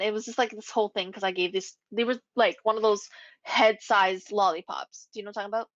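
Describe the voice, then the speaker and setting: A woman's voice: mid-range voice, fairly even intonation, quick pace, a bit bright, no echo. Young woman telling a profane story. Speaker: podcast co-host. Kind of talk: casual chat. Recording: dull lo-fi recording.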